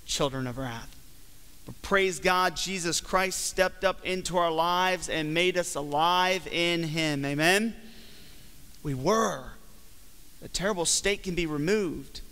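High-voiced preaching man, church reverb. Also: a bit bright, clear, resonant tone. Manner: emphatic preaching with slow, stretched phrases. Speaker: pastor. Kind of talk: sermon. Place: church sanctuary. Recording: long hall reverb from a church.

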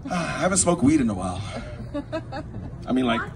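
A man's voice: medium pitch, wildly swooping pitch, moderate pace. A young man from Queens, New York, doing a loose, rambling stand-up set with crowd work and frequent laughs. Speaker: stand-up comedian. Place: small backyard show with a live crowd. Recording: live audience laughing behind.

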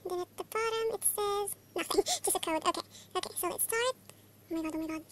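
A young woman from the Philippines chatting through a fan unboxing, gushing and excitable, with constant exclamations. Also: very high-pitched, fast. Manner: gushing, excitable, many oh-my-gods. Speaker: vlogger. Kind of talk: casual unboxing chat. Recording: faint background noise.

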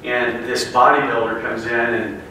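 A man preaches from a distance in a very echoey room, his voice bright and forward. He tells a story with animated character voices before moving into scripture. Faint noise sits under the reverberant sound. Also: mid-range voice, normal speed. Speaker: guest speaker. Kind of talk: sermon with storytelling.

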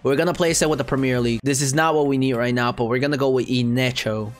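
A young man doing casual gameplay commentary as a gaming YouTuber, excitable and repetitive, swearing freely. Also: medium pitch, quick pace, soft background music.

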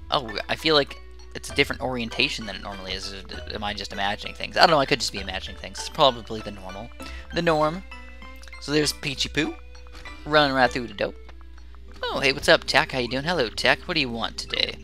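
A man's voice: medium pitch, expressive, fast talker, pushed and bright, faint music behind. A man casually commenting on gameplay as a let's play host, with joking, chatty asides.

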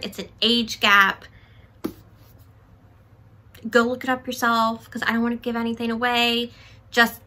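A woman book vlogger talking through a book haul in a casual, chatty way, excitable and self-deprecating. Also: a little high.

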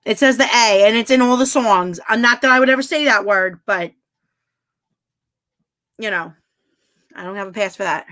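A woman's voice: on the high side, moderate pace, long pauses, fairly bright tone. A woman chatting casually on a live stream, answering her chat bluntly and swearing freely. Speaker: livestreamer reading chat.

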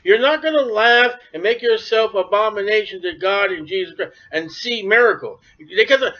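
Animated preacher man, high voice, lo-fi. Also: moderate pace, hardly any pauses. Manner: animated, acts out biblical voices. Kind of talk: sermon. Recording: dull lo-fi recording.

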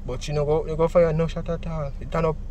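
A young man with a strong Jamaican accent, recounting events in an interview with lively acted-out speech. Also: on the high side, quick pace, lo-fi sound, slight background noise. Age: young adult. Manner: animated, heavy Jamaican Patois, acts out quoted speech.

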